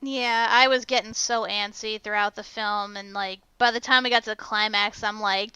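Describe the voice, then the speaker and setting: A young woman co-hosting a casual film review chat, talking in an animated, exasperated way and swearing freely. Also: a little high, normal speed, hardly any pauses, clear, resonant tone, no echo. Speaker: podcast co-host.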